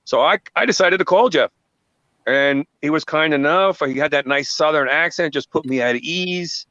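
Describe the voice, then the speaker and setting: A middle-aged man hosting a live panel, talking in an earnest storytelling way. His voice sits a little high. The sound is dry and dull, with little room around it. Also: moderate pace, bright, forceful tone, no room sound. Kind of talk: casual chat.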